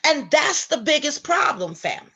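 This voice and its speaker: A woman with a bright, forward voice hosts a Christian live stream. She greets her viewers by name and talks in a preachy, animated way. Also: high-pitched, moderate pace. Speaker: Christian online show host. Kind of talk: casual live-stream commentary.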